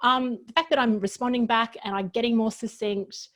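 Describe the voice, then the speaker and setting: A woman's voice: on the high side, fairly even intonation, normal speed, a bit bright. Earnest woman workshop facilitator. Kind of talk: casual interview chat.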